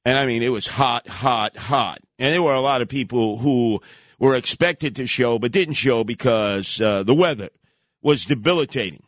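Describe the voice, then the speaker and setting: A man hosting a radio talk show, telling stories in an animated, heated way. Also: medium pitch, moderate pace, no room sound, clean studio sound. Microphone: studio microphone.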